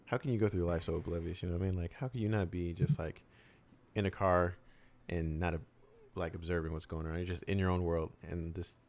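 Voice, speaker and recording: A man from Minnesota with a Minnesota accent, hosting a casual stream chat, animated and teasing. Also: deep voice, a little fast. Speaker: streamer host.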